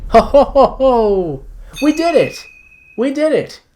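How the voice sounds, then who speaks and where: A man voicing an excitable young male sparrow sidekick in a game, high, bouncy and loud. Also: takes it slowly, faint music behind, heavily acted. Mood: gleeful.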